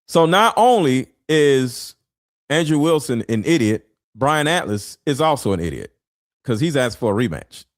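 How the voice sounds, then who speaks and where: A man doing casual, blunt reaction commentary as a streamer, full of slang and loud laughing outbursts. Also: mid-range voice, big pitch swings, moderate pace, no room sound, clean studio sound.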